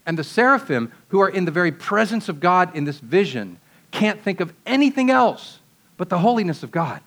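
Male preacher, somewhat high voice, relaxed conversational sermon with rhetorical questions. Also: fairly quick.

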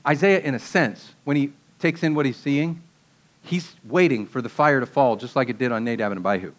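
A man's voice: mid-range voice, fairly quick. A man preaching a sermon in a conversational way, asking rhetorical questions and dropping casual asides.

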